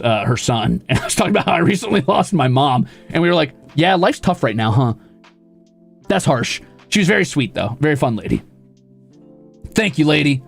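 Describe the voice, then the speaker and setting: A man's voice: a little high, creaky. A young man chatting casually on stream, telling a story with lots of swearing and acted-out quotes. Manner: profane, animated storytelling with voiced quotes. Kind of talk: casual chat. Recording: faint music behind.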